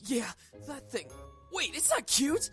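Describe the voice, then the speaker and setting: A woman's voice: sits high, huge pitch swings, slow pace, fairly bright tone, soft background music, pitched above the performer's own voice, heavily acted. A woman voicing a frightened young man who whispers tensely, as a streamer reads a game aloud.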